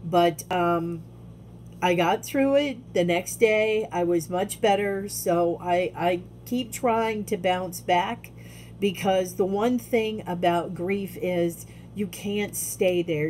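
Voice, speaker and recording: A woman speaking candidly in a personal video diary, halting often and restarting her sentences. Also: on the low side, darkish tone, slight background noise. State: tearful. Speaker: vlogger.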